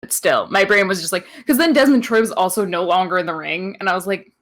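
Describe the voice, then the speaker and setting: Low-voiced woman chatting loosely. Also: fast, fairly bright tone. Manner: loose, rambling, circles back to restate her point. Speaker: podcast co-host. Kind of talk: casual post-show chat.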